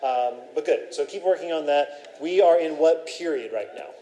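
A man's voice: fairly high pitch, normal speed, mellow, low-quality recording. A man teaching a Bible class, asking questions and talking in a loose, conversational way with fillers.

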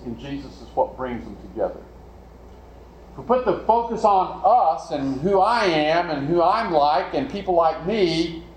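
A man delivers a sermon in a conversational tone, often asking his listeners questions. His voice sits a little high and swings widely in pitch. The recording is roomy and echoey, with faint background ambience. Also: a little hiss or hum. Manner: conversational, asks the congregation questions. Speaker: preacher.

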